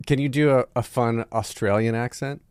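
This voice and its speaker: A man in his forties hosting a podcast interview, playful and quick to joke. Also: medium pitch, steady tone, darkish tone, clear, resonant tone, dry recording. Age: 40s. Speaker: podcast host.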